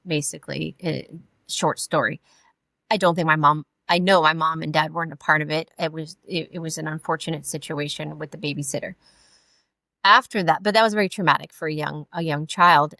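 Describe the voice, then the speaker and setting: Low-voiced woman from California, halting. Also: sharp tone, dry recording. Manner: halting, many fillers and restarts. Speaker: podcast guest. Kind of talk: personal storytelling in an interview.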